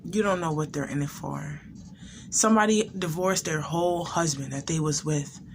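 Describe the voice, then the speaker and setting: Woman doing a chatty reaction vid, lowish voice, noise in the background. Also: moderate pace. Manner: conversational, thinking aloud with many restarts. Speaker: reaction video host. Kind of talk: casual commentary.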